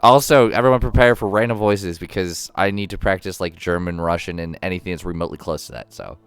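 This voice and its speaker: A man's voice: low-pitched, fast talker, clear, resonant tone. A young man casually hosting a live tabletop game as dungeon master, playful and jokey.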